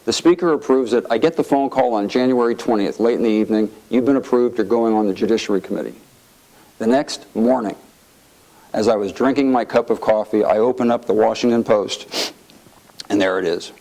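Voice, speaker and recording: A man's voice: medium pitch, brisk, poor audio. A middle-aged man, a former congressman, telling stories to an audience, acting out the quotes with a raised voice. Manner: lively storyteller, acts out quotes with a raised voice. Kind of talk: anecdotal speech to an audience.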